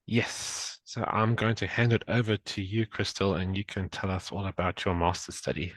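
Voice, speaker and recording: A low-voiced man from South Africa introduces a speaker on a video call. His manner is relaxed and chatty, and he fumbles a little along the way. The sound is dry and close. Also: moderate pace, dry recording, low-quality recording. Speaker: journal club host. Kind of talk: casual introduction.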